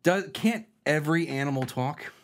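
Wry podcast co-host with a lively voice. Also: male voice, a little high, moderate pace. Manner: wry, joking. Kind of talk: comedic movie-review chat.

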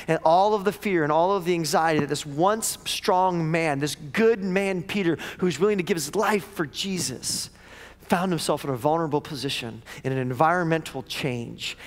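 Male pastor, high voice, dramatic sermon, hushed to loud, long church reverb. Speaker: lead pastor. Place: church auditorium. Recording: echoey church hall.

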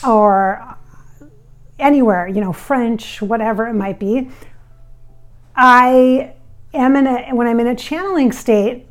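A woman's voice: fairly high pitch, slow pace, long pauses. A woman from the American Midwest who channels spirits, talking casually to camera on a microphone about viewer comments, chatty and reassuring with fillers and restarts. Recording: recorded on a microphone.

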